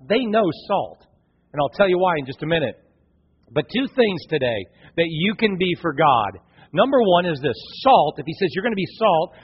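A middle-aged man from Michigan preaching a sermon to his church, telling jokey, animated stories. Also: high-pitched, breathy edge. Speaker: pastor. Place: church sanctuary. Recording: dull echoey hall sound.

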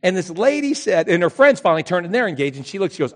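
A youth pastor preaching a sermon in story form, animated, moving between loud emphasis and hushed earnest passages. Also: male voice, high-pitched, quick pace.

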